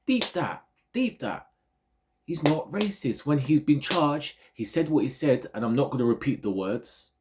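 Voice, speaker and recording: A man's voice: mid-range voice, normal speed, hardly any pauses, background noise. A man from Ghana, a football vlogger, ranting casually about online fans in a digressive, repetitive way. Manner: animated, digressive, repeats himself.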